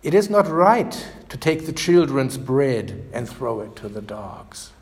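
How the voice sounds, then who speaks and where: A man voicing a solemn adult male teacher who speaks in a measured way. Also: mid-range voice, big pitch swings. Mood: stern. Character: stern grown male teacher rebuffing a stranger. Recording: echoey hall reverb.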